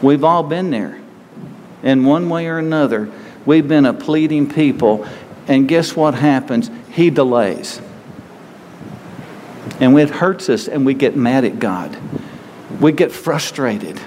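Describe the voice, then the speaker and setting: A man's voice: medium pitch, animated, slow, pauses often, a little mellow. A man preaching a sermon in an earnest, conversational way, acting out pleading voices as he retells the story. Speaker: pastor. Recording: hall reverb with faint ambient noise.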